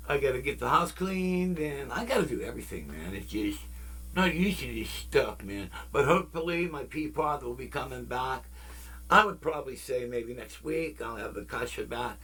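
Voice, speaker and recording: A man's voice: a little high, fairly bright tone. A man hosting his own music channel, chatting casually and rambling through tangents, fillers and jokes aimed at his viewers. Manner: laid-back, jokey, talks straight to viewers. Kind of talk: casual rambling vlog chat.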